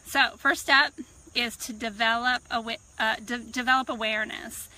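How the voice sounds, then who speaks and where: A woman, a personal growth coach, giving a calm, reflective self-help talk to camera outdoors on a farm. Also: fairly high pitch, poor audio. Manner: calm, reflective, unhurried teaching. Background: birds and crickets.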